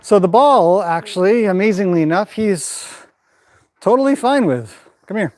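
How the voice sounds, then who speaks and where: A man training a horse in a pen, calmly explaining what he does while softly praising and directing the animal. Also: high-pitched, moderate pace, dry recording. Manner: calm running commentary mixed with soft praise to the horse.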